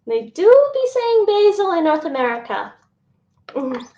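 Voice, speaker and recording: A woman's voice: extremely high pitch, sing-song, a little slow, mellow, recorded from a distance. A young woman chatting casually while cooking on a live stream, thinking aloud and laughing often. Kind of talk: casual cooking chat with chat readers. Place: home kitchen. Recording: roomy, dull stream mic with fan noise.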